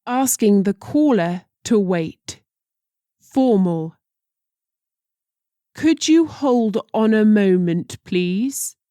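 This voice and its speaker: Woman teacher reading phrases super slow, mellow dark voice, dry sound. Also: mid-range voice, animated, no room sound. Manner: slow and deliberate, careful pronunciation. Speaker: language teacher.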